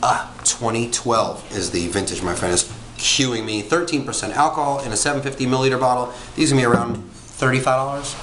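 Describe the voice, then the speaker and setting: A man's voice: mid-range voice, a little fast, a bit bright. Man, casual wine reviewer, rambling and chatty with fillers, echoey room with faint noise. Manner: chatty, rambling, frequent ums and self-corrections.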